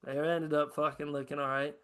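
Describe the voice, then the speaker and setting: Man, high voice, podcast host, casual chat, profane, ranting. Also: little pitch movement, a little fast, fairly bright tone, clean tone.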